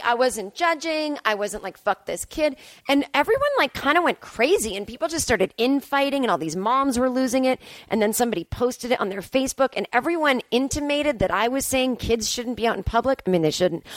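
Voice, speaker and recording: A woman in her forties hosts a casual solo podcast from a hotel room, speaking fairly quickly in an animated, high-sitting voice with no echo. She tells stories in a chatty, sarcastic, self-deprecating way.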